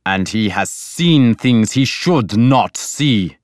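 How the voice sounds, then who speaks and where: A man reading the part of a stern, angry Viking lord, speaking slowly and harshly. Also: lowish voice, no echo, studio quality. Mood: menacing. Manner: slow, harsh, menacing delivery.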